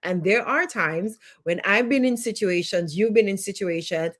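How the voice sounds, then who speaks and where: A woman's voice: mid-range voice, moderate pace. Woman coach, Jamaican accent, live online lesson; emphatic, builds points through repetition. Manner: emphatic, repeats phrases for effect. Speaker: life coach.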